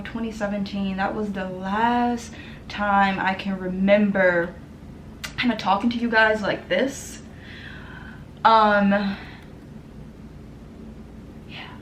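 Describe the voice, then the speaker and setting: A woman's voice: mid-range voice, a bit bright. Young woman vlogger, sincere and emotional, filler-heavy, echoey room sound. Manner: earnest, many ums, emotional and tearful at times. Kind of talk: casual heartfelt talk to camera. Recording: roomy echo with faint background noise.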